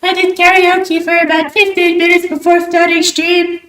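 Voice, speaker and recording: Young aussie woman streaming, doing a high put-on bird voice, throat sounding sore, roomy echo. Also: little pitch movement, moderate pace. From Australia. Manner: put-on high, theatrical bird-persona voice, loud and enthusiastic. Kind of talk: livestream chat while drawing. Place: small room at home at night. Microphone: desk mic with high gain.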